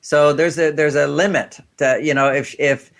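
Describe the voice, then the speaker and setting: A man's voice: fairly high pitch, fairly even intonation, normal speed, gravelly, a bit bright. An older man, a guest on a talk show, explaining relationships in a chatty way with frequent restarts and fillers. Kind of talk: radio talk-show interview.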